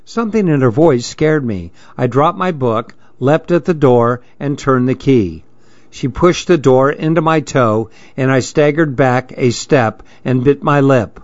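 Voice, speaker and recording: A man's voice: medium pitch, measured pace, dry recording. Man narrating a story on dull, dry audio.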